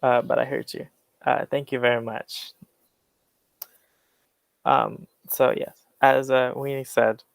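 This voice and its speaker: A young man with an American accent gives a casual lecture over a video call. His voice has a gravelly edge and sounds dry and close. He talks loosely, with many fillers, and works through examples. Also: medium pitch, no echo, rough recording. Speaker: guest speaker on accents. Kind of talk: online class lecture.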